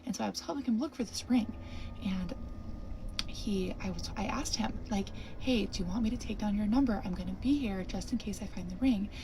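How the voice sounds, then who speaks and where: A woman's voice: mid-range voice, fairly quick, background noise. A young woman telling her own camping story in a casual vlog, talking animatedly with lots of fillers and restarts. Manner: breathless, animated retelling with many fillers.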